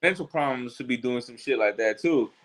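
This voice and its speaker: A man's voice: mid-range voice, fairly quick. A male co-host chats casually in an ordinary mid-range voice. He agrees readily and speaks in loose, rambling phrases. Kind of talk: casual talk-show chat.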